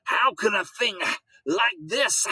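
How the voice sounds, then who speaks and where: A pompous, indignant preacher, voiced by a man reading a storybook aloud. He thunders in a raised, slow, trembling voice, as if calling down judgment from the pulpit. The recording is dry and close. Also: expressive, pushed and bright, husky, no echo, exaggerated voice. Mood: outraged. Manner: booming, slow, preachy declaiming.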